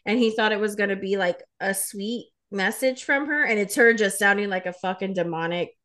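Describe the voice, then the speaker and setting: A woman in her thirties co-hosts a casual podcast chat. She talks frankly, swears freely and acts out the scenes she retells. Her voice sits at a middling pitch for a woman. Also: brisk, fairly bright tone. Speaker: podcast co-host.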